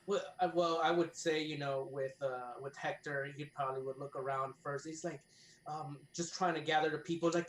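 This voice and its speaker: Halting tabletop player in an echoey room. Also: mid-range voice, fairly even intonation. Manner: halting, explains rules carefully. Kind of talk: tabletop game play.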